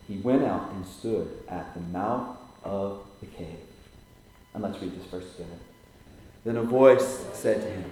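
A man's voice: mid-range voice, a little hiss or hum. Man preaching in a very echoey room. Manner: swells loud then drops to near-whispers. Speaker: pastor. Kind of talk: sermon.

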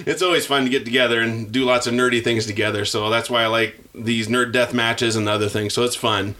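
A man's voice: medium pitch, fairly even intonation, brisk, pushed and bright. A man hosting a podcast in upbeat casual chat, his voice nasal from a cold. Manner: upbeat, enthusiastic. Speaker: podcast host.

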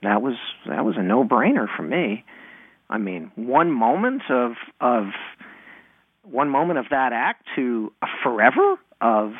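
A man telling a personal childhood story in an animated way, acting out the dialogue. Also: medium pitch, husky, no echo. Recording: tinny phone-like sound.

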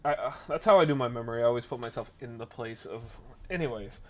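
A man casually telling a rambling workplace story, animated and acting out the voices of the people in it. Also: medium pitch, fast talker.

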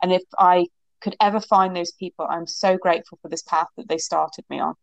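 A middle-aged woman from England, a horsemanship coach, telling her stories in an animated, rambling way as a guest in an interview, laughing often. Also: on the low side, brisk, vocal fry, dry recording. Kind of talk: casual interview storytelling.

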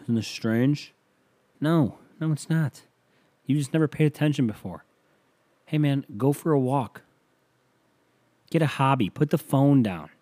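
A man talking alone on his comedy podcast in a mid-pitched voice. He rambles from one gripe to the next, sarcastic and loose, dropping swear words constantly. It sounds like casual stand-up delivered straight into the mic. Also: mellow. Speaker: podcast host. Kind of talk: comedic solo podcast monologue.

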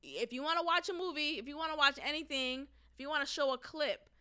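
This podcast host, once a teacher, speaks fast in a high, pushed, bright voice. Her commentary is casual and opinionated, delivered bluntly with profanity and frequent laughter.

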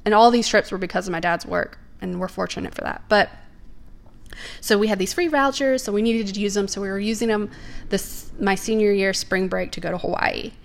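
A woman's voice: mid-range voice, brisk, gravelly. A young woman, telling personal faith stories in an earnest, emphatic way.

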